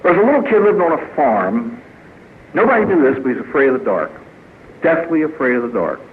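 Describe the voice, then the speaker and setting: A man's voice: medium pitch, very animated, a little fast, narrow, tinny audio, slight background noise. A man who is a priest, speaking at a recovery meeting in a folksy storytelling manner with jokes and acted quotes. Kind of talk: speaker meeting talk with humor. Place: meeting hall before a live audience.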